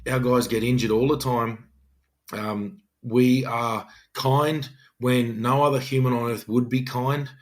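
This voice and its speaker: A man's voice: mid-range voice, fairly even intonation, unhurried. A middle-aged Australian police detective sergeant telling an emphatic, earnest story on a podcast, often acting out his own words.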